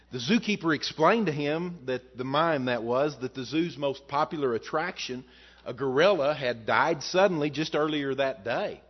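Higher-voiced pastor, lo-fi sermon recording. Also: male voice. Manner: folksy storyteller, frequent uh fillers. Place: church service before a congregation. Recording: dull lo-fi sound.

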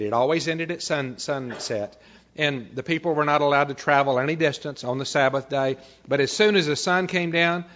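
A man preaching a sermon as a pastor, reading scripture and often dropping to a quiet, measured delivery. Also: mid-range voice. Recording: dull, slightly lo-fi recording.

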